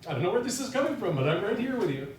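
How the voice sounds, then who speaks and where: Male guest speaker from North Dakota, rambling and folksy, heard from a distance in a very echoey church hall with a faint rumble. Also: very animated, very fast. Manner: chatty, self-deprecating, many fillers and restarts. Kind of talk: informal sermon talk. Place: church sanctuary.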